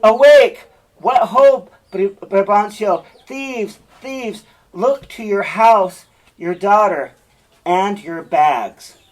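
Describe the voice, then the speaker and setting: A man reading aloud a scheming male soldier, declaiming urgently and shouting. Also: sits high, extremely slow, voice pushed up, low-quality recording. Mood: alarmed shouting. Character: scheming male soldier raising a loud night alarm.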